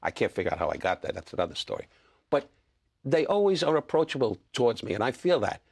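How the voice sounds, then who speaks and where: Older man, from New York, interview guest, rapid speech, raspy gravelly tone, storyteller. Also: mid-range voice, sing-song. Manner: chatty storyteller, restarts and repeats, acts out quotes. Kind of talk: talk-show interview.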